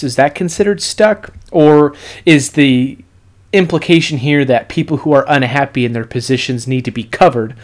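A man hosting a casual political podcast, sarcastic and rambling, full of "you know" fillers. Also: mid-range voice. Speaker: podcast host.

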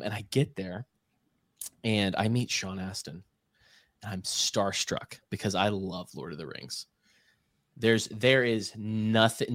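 A low-pitched man tells a lively anecdote on a podcast, jumping into the voices of the people in the story. The sound is dry and close, with no room around it. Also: no room sound. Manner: animated anecdote-telling with acted-out quotes. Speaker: podcast co-host. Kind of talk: casual storytelling chat.

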